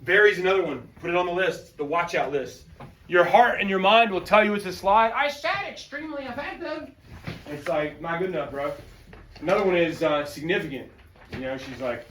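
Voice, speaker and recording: A male teacher giving an energetic, slangy classroom lecture and calling on students. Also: a little high, recorded from a distance, a little hiss or hum. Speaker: high school history teacher.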